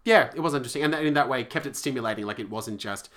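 Teasing man, bright voice. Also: mid-range voice, very fast. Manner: dry, teasing. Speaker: podcast co-host. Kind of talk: casual chat.

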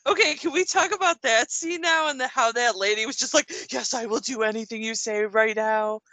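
A woman's voice: fairly high pitch, fairly quick, sharp tone, no room sound. A woman co-hosting a podcast, laughing and exclaiming in casual comedic chat. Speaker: podcast co-host.

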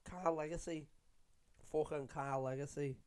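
A young adult man, a stand-up comedian, rambling in a casual, excitable monologue full of swearing. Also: a little high, normal speed, clean tone. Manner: profane, chatty, excitable.

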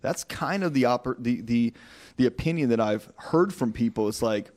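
A candid man speaking as a guest on a talk podcast, blunt and direct. He argues by everyday analogy in loose, conversational phrasing. His voice has an ordinary male pitch. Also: animated, normal speed, darkish tone. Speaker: guest, newer churchgoer. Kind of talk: casual interview chat.

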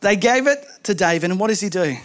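A man preaching a sermon, telling stories in an animated way with humorous asides. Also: high-pitched, quick pace. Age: adult, married.

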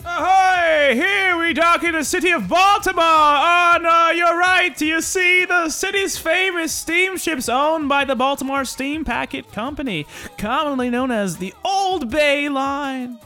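A man voicing a ship's first mate who bellows docking announcements, in a booming announcer manner for a comedy podcast sketch. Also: a little slow, hardly any pauses, pushed and bright, faint music behind, full character voice. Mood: hearty. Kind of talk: comedic podcast role-play reading.

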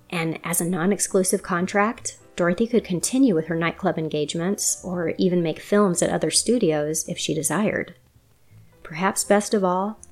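Female narrator, lower register, measured documentary read over faint music. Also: a little mellow. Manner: measured storytelling, quoting sources.

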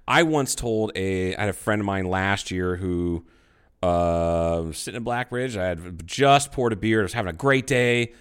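A middle-aged man talks in a relaxed, chatty way. His voice sits on the low side, and he tells his stories bluntly with plenty of swearing. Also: moderate pace, smooth. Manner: blunt storytelling, heavy swearing. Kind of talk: casual chat.

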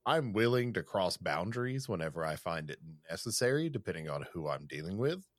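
A man's voice: deep voice, sing-song, brisk, dry recording, clean studio sound. A man co-hosting a podcast, chatting casually in a laid-back, agreeable way. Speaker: podcast co-host. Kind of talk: casual chat.

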